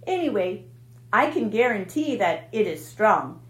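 A woman voicing a weary, gentle spider. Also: medium pitch, very animated, a little slow, roomy sound. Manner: quiet and gentle, weak-voiced. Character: wise, weary female spider.

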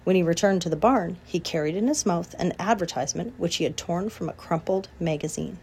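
A woman narrating a children's book aloud in an expressive storytelling manner. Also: fairly low pitch, fairly quick, slight background noise. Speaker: audiobook reader.

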